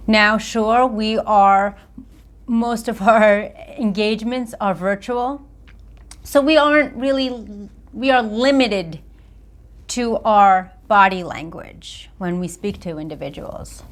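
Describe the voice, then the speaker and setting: A woman accountability coach giving a motivational talk to camera, with deliberate, emphatic phrasing. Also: mid-range voice.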